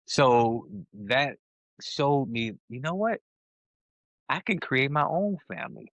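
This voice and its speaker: A man's voice: medium pitch, very animated, takes it slowly, gravelly, a bit bright, dry recording. A man co-hosting a podcast in casual conversation, talking emphatically and often restarting his sentences as he gets heated. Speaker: podcast co-host. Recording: dull, lo-fi and dry.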